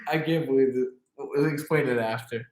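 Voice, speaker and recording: A young man chatting casually as an interview guest, groaning and cursing at a friend's jokes before telling his own. His pitch is ordinary and middling. The recording carries a roomy echo. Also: normal speed, a little mellow, a little hiss or hum. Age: young adult. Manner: exasperated reactions, swears. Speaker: guest, musician. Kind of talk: casual chat. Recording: echoey room.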